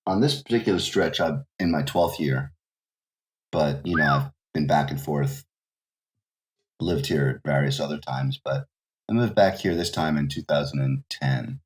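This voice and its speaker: A man with a very low voice talks through a casual podcast conversation as the guest. He rambles and restarts his sentences, leaning on "you know" to keep going. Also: normal speed, darkish tone. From United States. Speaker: professional game localizer, guest. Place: home in Japan, remote call.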